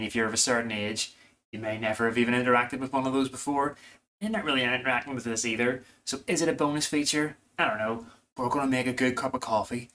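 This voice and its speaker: Man, casual cooking demo, rambling, self-deprecating, average pitch. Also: a bit bright. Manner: chatty, rambling, self-mocking asides. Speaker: food vlogger.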